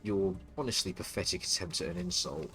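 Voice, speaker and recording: A male streamer in the middle of a scornful, profanity-laced rant, tripping over his own words as he doubles back. His voice runs on the low side. Soft music plays behind him. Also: expressive, brisk. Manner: contemptuous, stuttering restarts, swearing. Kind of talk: ranting stream commentary.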